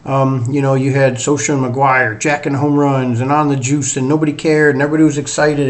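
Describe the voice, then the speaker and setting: Brisk and flat, with hardly any pauses, a middle-aged sports podcast host talks in a mid-range voice. His casual solo show is rambling, chatty, and self-deprecating, delivered in a mix of Northern US and Southern drawl.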